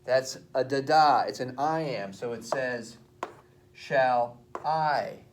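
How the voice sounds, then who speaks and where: Casual teacher sounding out verse rhythms. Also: male voice, mid-range voice, a little slow, a little hiss or hum. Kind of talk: classroom lesson explained at a board. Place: classroom.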